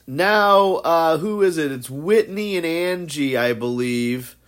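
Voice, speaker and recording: A man's voice: a little high, expressive, takes it slowly. A man hosting a casual podcast, recapping reality-show episodes with gossipy, sarcastic put-downs.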